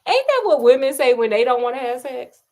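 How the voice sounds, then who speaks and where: A woman's voice: sits high, very animated, brisk, darkish tone. A woman reading a novel aloud, breaking off often for sassy, joking comments on the characters. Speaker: audiobook reader.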